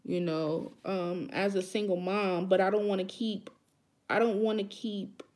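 A woman hosts a casual live chat, speaking frankly and with emphasis straight to her viewers. Her voice sits at a middle pitch, and she sounds close to the mic. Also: steady tone, a little slow, a little mellow. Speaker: YouTuber hosting a live chat.

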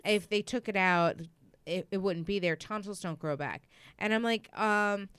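A woman's voice: mid-range voice, normal speed, smooth, dry recording. A young woman telling a story in casual chat, acting out the people she quotes. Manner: animated, acts out quoted dialogue, heavy use of "like".

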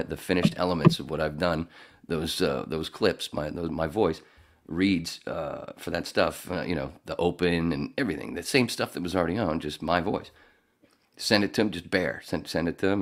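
A man who does radio voiceover, telling a rambling, profane story in casual podcast chat. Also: extremely low pitch. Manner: rambling, profane, animated when mimicking.

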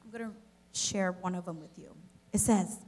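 A woman giving a children's message at a church service, telling a personal story in an expressive, gentle way to the kids and then to the families. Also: fairly low pitch, normal speed. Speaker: children's director. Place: church service, in front of a congregation.

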